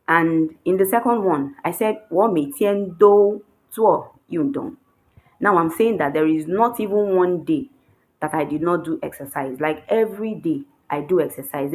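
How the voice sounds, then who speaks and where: Woman, low voice, patient Chinese grammar lesson, repeats every point. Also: a little mellow. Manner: patient, repeats points, slow worked examples. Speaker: Chinese language teacher. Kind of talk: explaining grammar.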